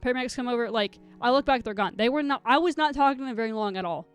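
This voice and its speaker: A woman's voice: on the high side, rapid-fire, clean tone, faint music behind. A young woman streaming live, telling a rambling story to her chat, swearing a lot and close to tears.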